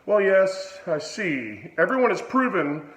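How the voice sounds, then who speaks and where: A man's voice: high-pitched, big pitch swings, a little slow, fairly bright tone, reverberant, pitched above the performer's own voice, full character voice, low-quality recording. A man voicing a smug older male physicist in a mocking impression, with no real accent.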